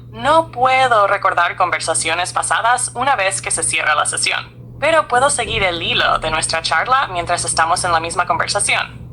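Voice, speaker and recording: Bright synthetic AI assistant woman. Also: mid-range voice, slight background noise. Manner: polite, even and helpful.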